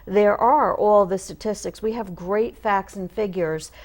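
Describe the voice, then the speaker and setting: A woman's voice: mid-range voice, unhurried, darkish tone. A woman with a mid-range voice appears as a guest on an interview show. She speaks earnestly and emphatically, pressing home her main points. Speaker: guest, association representative. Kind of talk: casual interview.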